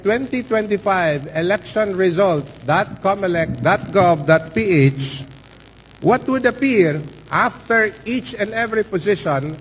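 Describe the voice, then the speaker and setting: Man, high voice, measured and unhurried, formal hearing statement, echoey hall with faint hum. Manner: deliberate, stresses key words. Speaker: party representative at an election canvass hearing.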